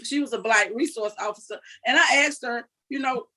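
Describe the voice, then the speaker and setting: An older woman speaks with a fairly high voice. She recounts events earnestly and vividly, acting out what others said. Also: moderate pace, bright, forceful tone, low-quality recording. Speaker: interview guest. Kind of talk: emotional personal account.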